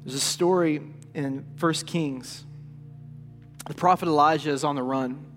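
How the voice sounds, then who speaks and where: High-voiced male pastor in a reverberant hall. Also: measured pace. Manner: lively storytelling, plays out quoted voices; drops to a hush for key points. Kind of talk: sermon. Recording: reverberant hall with faint music.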